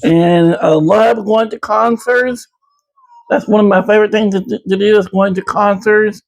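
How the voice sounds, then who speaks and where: A man from Ohio answering a viewer question in a halting, casual way. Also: high-pitched, fairly even intonation, creaky, rough recording. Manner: halting, searching for words. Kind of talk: casual Q&A chat.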